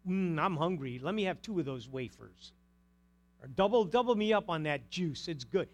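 A man's voice: fairly high pitch, lively intonation, normal speed. A pastor voicing a flippant male churchgoer who treats communion as a snack, with a casual, careless manner.

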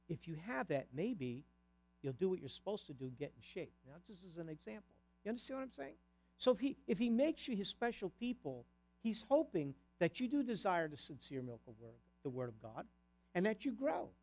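Animated, high-voiced male preacher. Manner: animated preaching with sudden loud and soft swings; conversational asides to the congregation. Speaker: pastor. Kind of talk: sermon.

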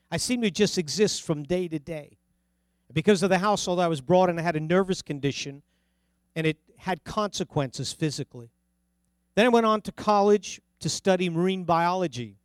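A man's voice: high-pitched, no room sound. A middle-aged man with a New Jersey accent preaching a sermon, telling stories earnestly and repeating phrases for emphasis.

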